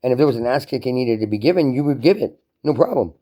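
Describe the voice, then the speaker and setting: A man's voice: mid-range voice, lively intonation, fast talker, warm tone. A man delivering a profane, emphatic, run-on rant to camera. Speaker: vlogger. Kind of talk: casual ranting monologue.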